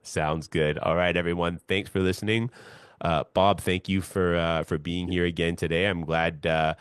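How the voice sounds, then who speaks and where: A man's voice: deep voice, level tone, normal speed, smooth, no echo, studio quality. A man hosting a podcast as a fitness coach, explaining things at length with many small restarts. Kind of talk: casual podcast conversation.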